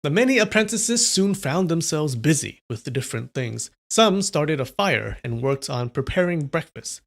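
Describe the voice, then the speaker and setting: A man's voice: a little high, sing-song, moderate pace, gravelly. A man reading a novel aloud on a live stream, with casual, chatty asides.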